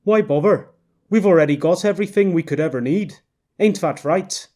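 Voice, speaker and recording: A man's voice: high voice, normal speed, warm tone, pitched above the performer's own voice, lightly acted. A male audiobook narrator voicing a complacent, nosy Canadian man with a folksy, drawling way of talking. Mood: smug. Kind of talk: audiobook character voice.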